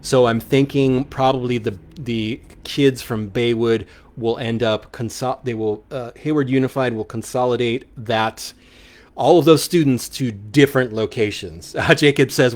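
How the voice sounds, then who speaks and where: A man's voice: medium pitch, normal speed. Rambling man hosting local live radio. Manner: rambling, many ums and restarts, upbeat. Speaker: local radio show host. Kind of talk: casual live radio chat reading listener questions.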